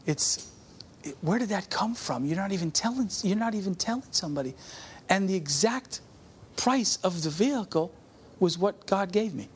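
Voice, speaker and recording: Middle-aged male pastor with a high voice, preaching a conversational testimony sermon. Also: animated, moderate pace, slight background noise. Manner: conversational, calls out to the congregation.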